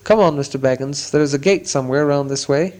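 A man reading a storybook aloud, voicing an old, courteous and wise male wizard who speaks in a measured, polite way. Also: a little high, darkish tone, natural voice, low-quality recording.

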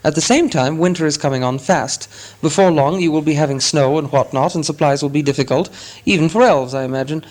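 Guy reading as a squeaky prim little hobbit, all business, pitched up high. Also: a little fast, darkish tone, close to an everyday voice. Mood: businesslike. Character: fussy, polite hobbit gentleman, small and businesslike.

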